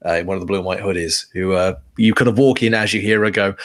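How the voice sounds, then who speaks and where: Hombre inglés de voz grave, narrador de rol. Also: male voice, low-pitched, fairly even intonation, fast talker, few pauses. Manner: casual, rambling, many fillers. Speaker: game master. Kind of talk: narrating a tabletop game.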